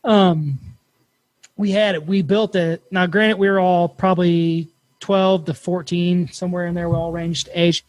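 A man hosting a podcast, telling a campfire story in a casual, animated way and swearing freely. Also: high voice, a little slow, no room sound. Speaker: podcast host.

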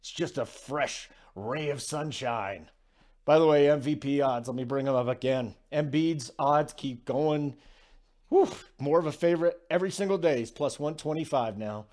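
A man hosting a sports betting radio show, talking casually with quick asides and self-deprecating jokes. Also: on the high side, darkish tone.

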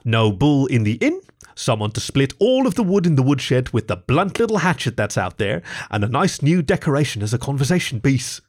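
A man's voice: medium pitch, big pitch swings, a little fast, darkish tone. A man voicing a smug, scheming male innkeeper who gloats over his own cleverness. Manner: gloating, pleased with himself.

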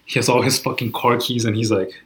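A man's voice: mid-range voice, little pitch movement, fast talker, reverberant, low-quality recording. A man in casual chat, talking in a rambling, profane way full of "like" and "you know".

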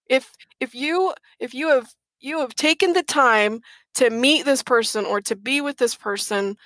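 A middle-aged woman talks as an interview guest, earnest and emphatic, leaning on repeated words to drive a point home. Her voice sits a little high, and the recording is dry and close. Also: fairly bright tone, dry recording. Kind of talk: casual interview chat.

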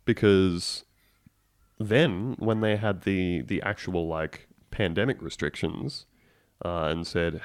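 A man co-hosting a podcast, sardonic and crude, with quick joking interjections. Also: low-pitched, clean tone, dry recording, clean studio sound. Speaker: podcast co-host. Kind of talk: casual podcast chat.

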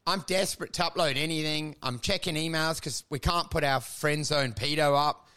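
A man's voice: on the high side, normal speed, smooth. A man co-hosting a podcast, telling crude, rambling comic stories in casual chat. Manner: crude, rambling, animated storytelling with mocking put-on voices. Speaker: podcast co-host.

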